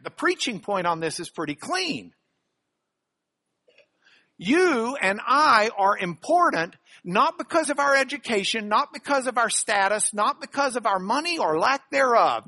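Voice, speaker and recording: A middle-aged man from Texas, teaching a Bible study with emphatic, animated delivery. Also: very high voice.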